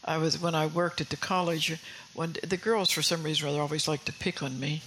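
A woman's voice: low-pitched, steady tone, a little fast, a bit bright, slight background noise, rough recording. A woman preaching a sermon in an earnest way, often repeating and restarting phrases and putting questions to her listeners.

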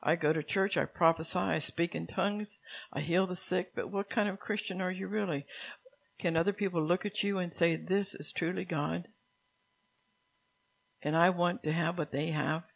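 A preacher delivers a sermon to a gathered congregation in an earnest, exhorting tone. The voice sits at a middle pitch. Phrases restart and repeat as the thought builds. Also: steady tone, moderate pace, gravelly, low-quality recording. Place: room with a live congregation.

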